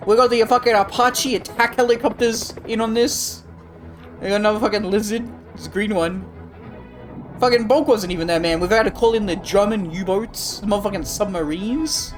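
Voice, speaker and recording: A woman streamer in rambling, profane live commentary who swears constantly and gets loudly excited. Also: mid-range voice, normal speed, soft background music. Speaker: livestreamer.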